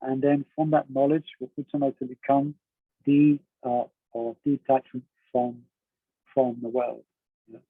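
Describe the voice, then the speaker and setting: A man's voice: medium pitch, flat delivery, moderate pace, husky, no room sound. A man teaching a class on a devotional text in a conversational way, asking his students questions and laughing often. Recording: dry, narrow phone-like sound.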